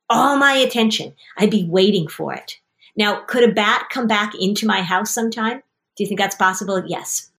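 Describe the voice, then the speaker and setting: Animated woman parenting coach. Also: medium pitch. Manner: animated storytelling, acting out quoted voices. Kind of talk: coaching conversation.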